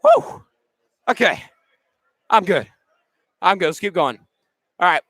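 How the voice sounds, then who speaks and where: A young man calling a high school basketball game play by play, rapid and excitable, rising on big plays. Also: dry recording. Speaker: play-by-play announcer.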